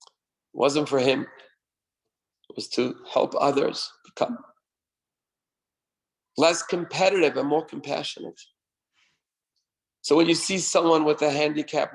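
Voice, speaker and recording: A man, a rabbi, telling a story in a synagogue class in an animated way, acting out the voices he quotes and sometimes shouting their cheers. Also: on the high side, vocal fry, poor audio. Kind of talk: sermon storytelling.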